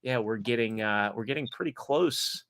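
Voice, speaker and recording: A podcast host in a casual show rambles his way through a joke and reads viewer chat aloud. His mid-range voice moves at a normal speed and sounds a bit bright.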